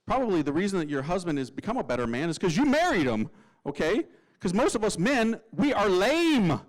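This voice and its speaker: A man who is a Catholic priest, telling a humorous testimony in a lively, slangy way and acting out the voices of people in his story. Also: sits high, quick pace, rough recording.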